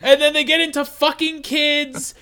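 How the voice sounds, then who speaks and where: A man co-hosting a podcast in casual chat, excitable and quick to act out his own reactions. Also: very high-pitched, vocal fry. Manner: excitable, animated, acts out reactions in quotes. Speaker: podcast co-host.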